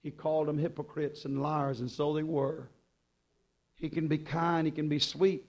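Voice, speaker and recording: A man preaching a sermon, impassioned and urgent, then dropping to quiet low passages. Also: level tone, moderate pace.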